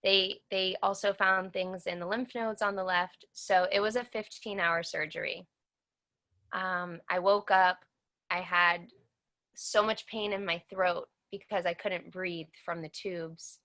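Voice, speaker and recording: A woman in her thirties with a bright, clear voice speaks as an interview guest. She tells her story in an earnest way. She acts out the lines other people said to her. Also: fairly low pitch, fairly even intonation, measured pace.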